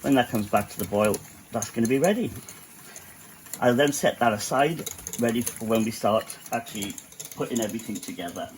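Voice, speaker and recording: A man's voice: medium pitch, animated, brisk, slight background noise, rough recording. A man with a Welsh accent who cooks at a cafe, talking through a recipe in his home kitchen in a chatty way, with fillers and asides. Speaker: cafe cook hosting a cooking tutorial. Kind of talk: casual cooking demonstration.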